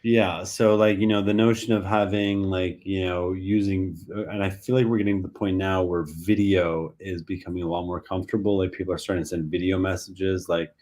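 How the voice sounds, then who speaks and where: A man's voice: low-pitched, little pitch movement, fairly quick, few pauses, a little mellow. A male podcast host talking casually, rambling with lots of "like" and "you know". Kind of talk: casual conversation.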